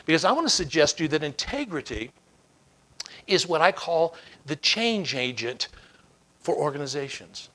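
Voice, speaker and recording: A man's voice: a little high, very animated, normal speed, long pauses, bright, forceful tone. A man giving a motivational keynote speech, telling stories emphatically and acting out dialogue. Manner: emphatic storytelling with acted dialogue. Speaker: keynote speaker.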